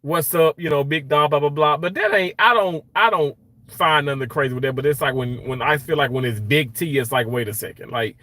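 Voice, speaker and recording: A man's voice: on the high side, a little fast, bright, forceful tone. A man hosting a casual livestream, reading out viewer comments and greeting them by name in a chatty, rambling way with lots of fillers. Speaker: livestream host. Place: hospital workplace.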